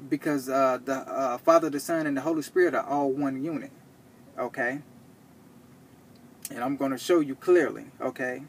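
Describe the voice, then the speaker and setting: A man teaching from the Bible, reading verses slowly and checking in with "okay?" after each point. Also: medium pitch. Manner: reads verses slowly and deliberately. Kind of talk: scripture teaching to camera.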